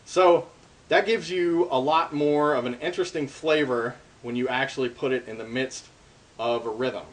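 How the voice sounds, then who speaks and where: Over loud music, a man with a medium-pitched voice at normal speed explains darbuka rolls step by step in a relaxed, filler-heavy way. He plays the drum between his phrases.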